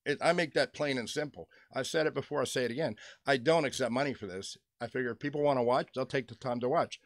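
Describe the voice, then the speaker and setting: A man's voice: mid-range voice, fast, no room sound. A middle-aged man from western Pennsylvania rambling through a joking story at home, chuckling as he talks. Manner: chatty, joking, chuckles between stories. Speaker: toy customizer vlogger. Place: at home with his dog nearby.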